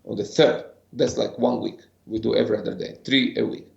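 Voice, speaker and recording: A man's voice: mid-range voice, fairly even intonation, fairly quick, creaky, a little mellow, roomy sound, lo-fi sound. A man being interviewed as a guest, telling an earnest story and acting out what others said. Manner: earnest, re-enacts other people's words in quotes. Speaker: podcast guest, ceremony facilitator.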